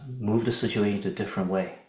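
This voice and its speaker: Calm, low-voiced Buddhist teacher in an echoey room. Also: male voice, very fast. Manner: calm, conversational, checks in with "right?" and "okay?". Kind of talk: dharma lecture.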